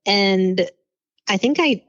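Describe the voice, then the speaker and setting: A woman's voice: mid-range voice, animated, takes it slowly, no echo. A young woman, a teacher, talking candidly in a casual interview, rambling a little and poking fun at herself. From New Orleans, USA. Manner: candid, rambling, self-deprecating. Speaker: fourth grade teacher, guest. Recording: dull lo-fi audio.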